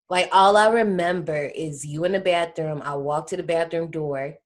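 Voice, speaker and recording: Woman podcast co-host, slightly low voice, animated slangy storyteller. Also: a little slow. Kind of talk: casual chat.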